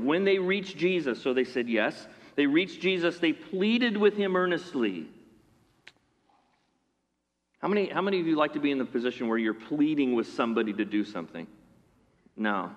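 A man preaching a sermon in an animated way, acting out the voices of the people in his story. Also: a little high, normal speed. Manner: animated, acts out voices of characters. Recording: long hall reverb.

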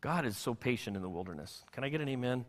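A man preaching a sermon as pastor, animated, acting out the voices of the people in his story. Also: fast. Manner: animated, voices the Israelites in a high anxious pitch. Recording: long hall reverb.

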